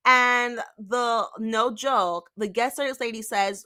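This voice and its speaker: A woman's voice: on the high side, takes it slowly, hardly any pauses, bright, forceful tone. A woman telling a storytime vlog, exasperated, acting out the dialogue as she retells it. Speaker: vlogger.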